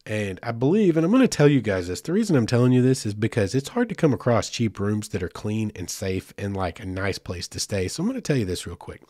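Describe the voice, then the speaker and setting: A man's voice: fairly low pitch, very animated, fast, few pauses, dark tone, no room sound, studio quality. A man hosting a podcast, telling a road trip story in a loose, chatty way with many fillers and asides. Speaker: podcast host. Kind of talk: casual storytelling.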